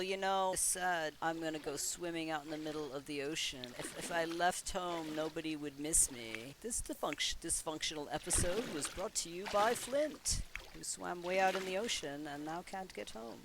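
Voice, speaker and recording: A woman's voice: low-pitched, normal speed, background noise. A woman casually commenting on a life-simulation game she is playing, chatting playfully and speaking her characters' thoughts aloud. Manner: chatty, voices the Sims' thoughts in playful asides. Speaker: Let's Play host.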